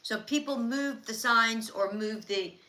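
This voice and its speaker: A woman's voice: fairly high pitch, unhurried, sharp tone. A middle-aged woman co-hosting a casual livestream, talking in a matter-of-fact way between bites of food. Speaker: livestream co-host. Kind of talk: casual livestream chat while eating.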